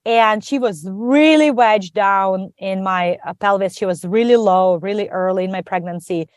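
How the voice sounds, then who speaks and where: A woman guest on a podcast, telling her story in a lively, conversational way and acting out the voices of others. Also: medium pitch, moderate pace, no room sound, studio quality. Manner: animated, acts out quoted dialogue.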